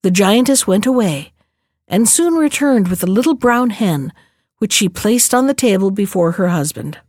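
A woman narrating a fairy tale aloud in a measured, expressive way. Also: medium pitch, dry recording, studio quality. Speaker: storyteller.

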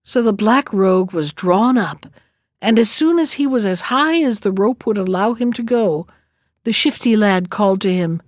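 A woman narrating a storybook tale in a steady, measured way. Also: medium pitch, no echo, studio quality. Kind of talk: storybook reading.

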